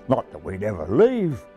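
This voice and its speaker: A man's voice: lowish voice, a little mellow, full character voice. A man voicing a smug know-it-all male raven with a cheeky, mocking, chuckling manner, in a storybook reading.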